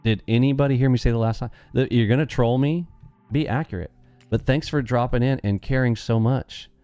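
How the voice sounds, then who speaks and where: A man's voice: mid-range voice, fairly quick, dark tone, dry recording, faint music behind. A man hosting a day-trading live stream, brashly mocking and talking back to his chat.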